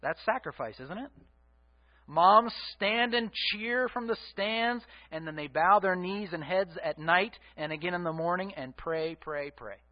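High-voiced pastor with a dull, lo-fi sound. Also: male voice, unhurried. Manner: conversational, asks the congregation for answers. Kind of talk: sermon.

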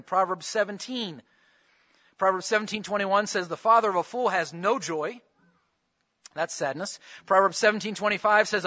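A man's voice: high voice, sharp tone, highs cut off. A man preaching a conversational sermon, asking his listeners questions as he goes. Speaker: pastor.

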